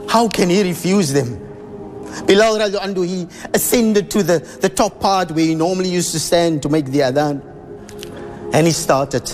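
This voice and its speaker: Male storyteller, very high voice, emotive reverent narration, soft music behind. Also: animated, normal speed. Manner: earnest, emotive, with reverent honorifics.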